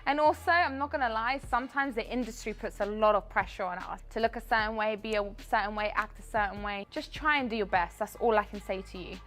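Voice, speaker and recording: A woman's voice: mid-range voice, quick pace, hardly any pauses, fairly bright tone, faint music behind. A woman fitness coach explaining an exercise and giving an upbeat, encouraging pep talk. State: out of breath.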